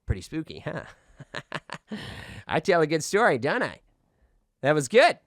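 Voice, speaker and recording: A man's voice: a little high, huge pitch swings, measured pace, no room sound, exaggerated voice. A man plays a boastful radio host who rambles and keeps demanding "okay?" as he tells his tale. He stays defensive whenever he is questioned. The recording is dry and close. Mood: rambling. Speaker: radio call-in show host. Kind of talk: comedic audio drama.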